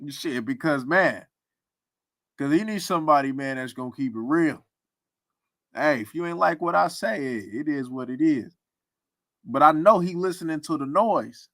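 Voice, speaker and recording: A man's voice: fairly high pitch, moderate pace, pauses often, fairly bright tone, no room sound. A man hosting a casual sports talk stream, teasing and laughing often. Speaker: sports commentary host.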